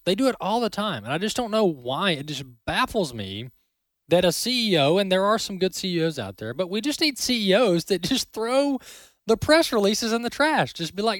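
A man's voice: sits high, big pitch swings, normal speed, a bit bright, dry recording, clean studio sound. A man hosting an opinion commentary segment. He speaks emphatically, often repeats words and ends points with "all right?". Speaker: host.

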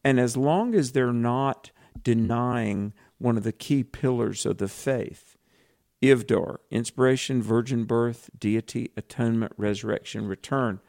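A Southern man speaking with an earnest, preacherly conviction as co-host of a faith talk program. His pitch sits at an ordinary middle level. He talks in a casual radio way. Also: measured pace, darkish tone.

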